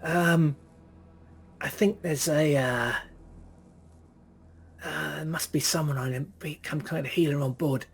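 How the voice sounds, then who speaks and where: A man's voice: a little high, steady tone, slow, vocal fry, long pauses, breathy edge, pitched above the performer's own voice, exaggerated voice. Man doing a panicky draconian slaver. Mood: flustered. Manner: flustered, swearing, bullying.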